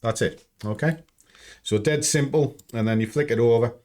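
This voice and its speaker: A man talks casually from home as he walks viewers through his trading screen. He is blunt and chatty and swears without a second thought, and his voice sits at an ordinary middle pitch. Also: moderate pace, darkish tone. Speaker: trading channel host. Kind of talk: casual screen-share walkthrough.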